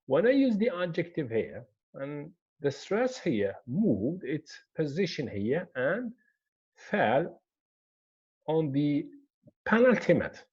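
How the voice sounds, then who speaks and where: Male pronunciation teacher, lively pitch, dark husky tone, dull lo-fi sound. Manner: slow, repetitive explaining, pointing at the board. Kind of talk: classroom lecture.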